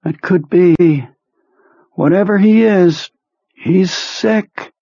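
A male audiobook narrator voicing a sick, despairing middle-aged man who speaks in a weak, strained, gasping voice, with a husky tone. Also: high-pitched, drawn-out words, mellow, no echo, pitched above the performer's own voice, full character voice. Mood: pained, weary. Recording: muffled lo-fi recording.

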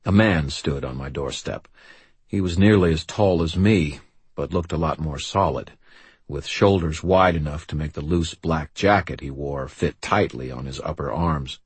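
Deep, husky male audiobook narrator. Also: moderate pace, no echo. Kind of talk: scripted first-person audiobook narration.

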